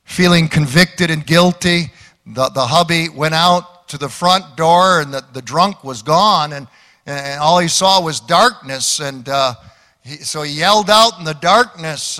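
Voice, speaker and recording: A man's voice: on the high side, sharp tone, long reverb tail. A man preaching a sermon, folksy and joking, with emphatic calls to the congregation. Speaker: pastor.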